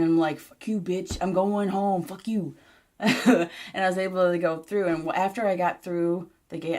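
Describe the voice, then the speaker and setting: Profane rambling young woman, lowish voice. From Michigan, US. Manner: frustrated, profane, rambling with many "like"s. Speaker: vlogger. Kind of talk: casual storytime vlog.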